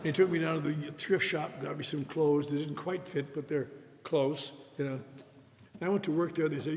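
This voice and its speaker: A man's voice: fairly high pitch, brisk, vocal fry. An older man telling his recovery story at a meeting in a wry, self-mocking storytelling manner, with an audience laughing in a large hall. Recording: echoey hall recording with faint noise.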